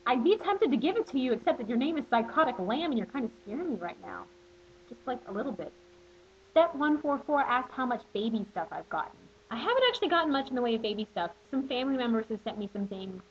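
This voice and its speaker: A woman's voice: on the high side, lively intonation, fast talker, a little hiss or hum. A young woman in her twenties chatting to camera as she answers viewer questions, bubbly and playful, with plenty of asides. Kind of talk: casual chat to camera. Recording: dull lo-fi webcam audio.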